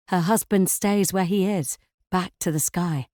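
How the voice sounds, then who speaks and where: Woman reading a thriller audiobook, slow and tense, mid pitch, dry close sound. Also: darkish tone, dry recording. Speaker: audiobook narrator. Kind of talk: scripted first-person thriller narration.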